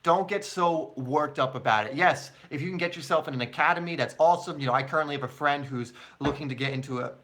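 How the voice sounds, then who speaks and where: A man's voice: fairly high pitch, fast, few pauses, fairly bright tone, slight background noise. A man hosting a live question-and-answer stream for his soccer channel, chatting casually with viewers and using many fillers.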